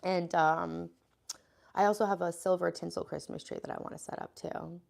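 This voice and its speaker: Sniffling and congested, an American livestreamer rambles casually and says hello to her chat viewers by name. Her voice is fairly low, gravelly and a little mellow, with fairly even intonation and a moderate pace.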